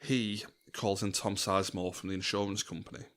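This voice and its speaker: A young man co-hosting a podcast, with a low, deep voice. He chats casually and laughs a lot. He slips into quick mock voices for scenes he describes. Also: little pitch movement, fairly bright tone. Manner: chatty, laughs often, acts out lines from scenes. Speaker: podcast co-host. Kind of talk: casual chat.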